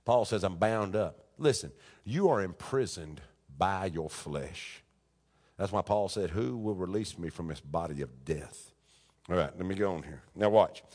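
A man preaching a sermon as pastor, quoting scripture and building to loud, raspy shouts. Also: low voice, unhurried, big-room sound. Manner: preaching with rising shouts and Bible quotes.

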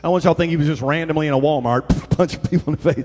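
A man's voice: on the high side, rapid-fire. A middle-aged man preaching a sermon, telling stories with energy and calling out to the congregation for responses. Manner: energetic storytelling with call-and-response to the crowd. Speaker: pastor. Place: church sanctuary. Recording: echoey church hall.

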